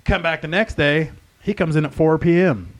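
A man's voice: on the high side, normal speed. A man telling a bar story in casual chat, swearing freely and acting out the voices of the people in it. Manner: profane, animated storyteller acting out quotes.

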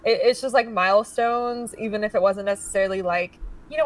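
Young woman, streamer guest, casual chat, animated, lots of "like", a bit far from the mic. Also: mid-range voice, fast talker, few pauses. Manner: animated, says "like" a lot, laughs often.

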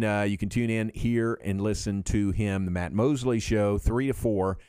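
A man's voice: mid-range voice, darkish tone, clear, resonant tone, no echo, clean studio sound. A man hosting a sports radio show, chatting casually with co-hosts, laughing easily and. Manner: easygoing, laughs often, quick affirmations. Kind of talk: casual on-air chat.

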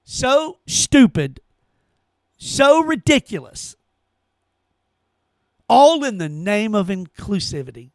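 Male host, very high and lively voice, heated profane rant, dry close sound. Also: slow pace, long pauses, dry recording. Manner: heated, cursing, emphatic repetition. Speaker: podcast host. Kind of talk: angry opinion rant.

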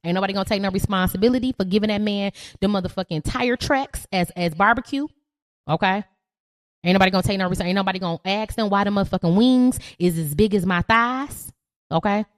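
A woman's voice: mid-range voice, fast. A young woman hosting a podcast, ranting in a profane, rowdy, preachy way. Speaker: podcast host. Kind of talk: ranting monologue.

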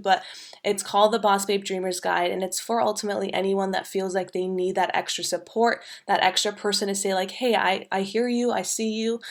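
Chatty woman in her twenties, podcast guest, bubbly and casual. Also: medium pitch. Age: 20s. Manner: bubbly and chatty, many ums and you knows.

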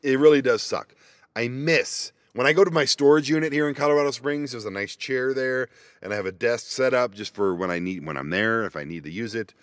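A man's voice: mid-range voice, brisk, no room sound, studio quality. A man chatting casually and rambling with goofy self-mocking asides, recorded on a laptop inside a parked minivan. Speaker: vanlife vlogger. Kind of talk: casual solo chat. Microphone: laptop microphone.

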